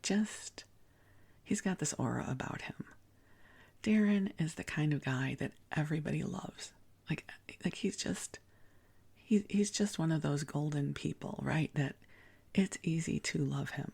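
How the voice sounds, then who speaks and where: A woman in her sixties, a podcast host, telling a personal story in a soft, breathy near-whisper with a gentle, confiding manner. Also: sits low. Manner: gentle and confiding, with small restarts.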